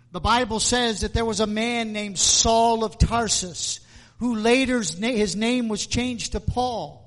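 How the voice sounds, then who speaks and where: Preacher, male, high voice, slow and emphatic delivery, church hall reverb. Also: fairly bright tone. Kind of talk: sermon.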